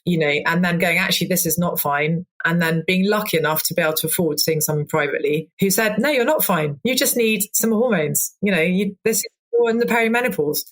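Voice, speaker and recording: A woman in her forties talks openly as a podcast guest, her voice sitting a little low. She rambles, restarts her sentences and acts out little quoted exchanges as she goes. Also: fairly quick, hardly any pauses. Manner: open, rambling, with many restarts and quoted asides. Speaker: guest cook. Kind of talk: candid podcast interview.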